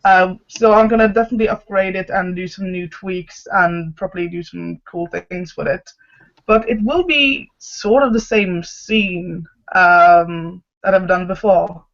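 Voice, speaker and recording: A woman's voice: on the low side, unhurried, creaky. A woman chatting over a video call, explaining at length with many ums. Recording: dull lo-fi call audio.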